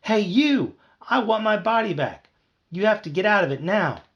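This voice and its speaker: A man doing a shrill panicky bee-boy. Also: very animated, normal speed, muffled recording. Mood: frantic. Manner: shrill, yelling.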